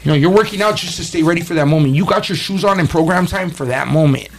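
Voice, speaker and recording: Man in his thirties, blunt profane street talk, slightly high voice, faint background hiss. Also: fast, vocal fry. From Los Angeles area. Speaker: podcast guest. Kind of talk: casual chat.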